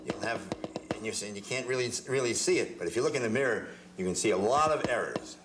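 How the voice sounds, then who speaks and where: A drum teacher gives a hands-on lesson, walking through technique step by step and often repeating words as he demonstrates, with drum hits between phrases. He's a fast-talking man with a medium-pitched voice. The recording is reverberant, with a noisy background.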